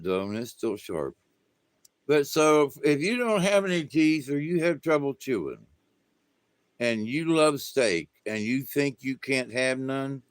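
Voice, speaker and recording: A man's voice: on the high side, dry recording. A man hosting a livestream, telling a rambling story in a meandering way, chuckling and restarting his sentences. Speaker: livestream host. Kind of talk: rambling casual chat.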